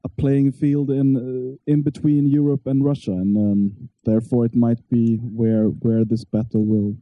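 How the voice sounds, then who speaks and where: Flat, halting man on a dry mic. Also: mid-range voice, no room sound, narrow, tinny audio. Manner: slow, halting, with long fillers. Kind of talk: casual opinion talk.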